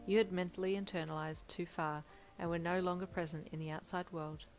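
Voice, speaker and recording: Low-voiced woman reading a story. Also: steady tone, a little fast, faint music behind, low-quality recording. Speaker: fanfiction reader. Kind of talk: second-person story narration.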